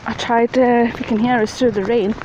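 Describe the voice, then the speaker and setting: A woman's voice: fairly high pitch, steady tone, brisk. A woman telling a ghost story in a chatty, plain-spoken way, outdoors at night in the rain. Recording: faint rain noise behind.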